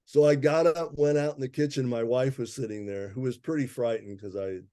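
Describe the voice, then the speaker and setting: A man's voice: medium pitch, a little fast, mellow, no echo, studio quality. A man, an herbalist guest, telling a personal story in a casual interview, laughing often and acting out the people he quotes.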